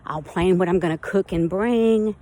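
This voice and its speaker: A woman's voice: lowish voice, moderate pace, mellow. A woman talking candidly and a little out of breath in an outdoor personal vlog. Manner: candid, rambling, heartfelt. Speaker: vlogger.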